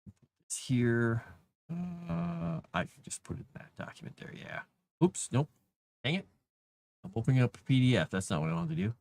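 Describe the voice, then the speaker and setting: A man's voice: medium pitch, lively intonation, normal speed, gravelly, long pauses, darkish tone. A man chatting casually on a livestream as he writes, thinking aloud with many fillers and restarts. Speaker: author livestreaming his writing. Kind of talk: casual livestream chat while writing.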